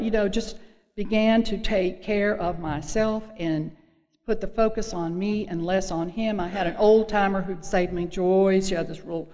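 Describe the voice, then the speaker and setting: A woman sharing her personal recovery story at a meeting, speaking earnestly and haltingly, with many fillers and restarts. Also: medium pitch, darkish tone. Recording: long echo of a hall.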